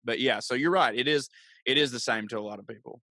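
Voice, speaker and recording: A man's voice: mid-range voice, fast, pushed and bright, dry recording, clean studio sound. A man with a Southern US accent, chatting as a podcast co-host and telling profane, laughing stories. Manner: profane, storytelling, laughs often. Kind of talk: casual chat.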